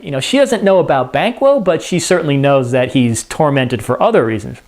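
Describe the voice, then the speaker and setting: Male teacher, relaxed conversational story recap, animated delivery. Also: medium pitch, fairly quick. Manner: conversational, animated retelling with filler words. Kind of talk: casual explanatory lesson.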